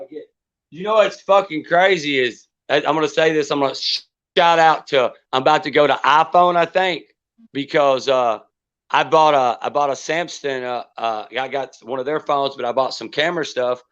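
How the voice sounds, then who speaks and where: A man's voice: a little high, moderate pace, fairly bright tone. A man cohosting a casual livestream chat, telling a rambling, profane story with many restarts. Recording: dull lo-fi stream audio.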